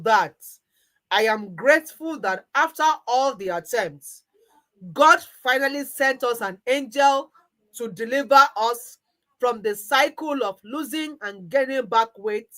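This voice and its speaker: A woman acting out an adoring husband, affectionate and playful. The voice sits fairly high and stays close to her everyday tone, with a teasing warmth in the words. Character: loving adoring middle-aged husband.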